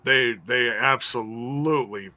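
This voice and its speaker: Bright-voiced chatty male podcast host. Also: medium pitch, unhurried, no room sound. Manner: chatty, laughs often, rambling asides. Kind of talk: casual wrestling review chat.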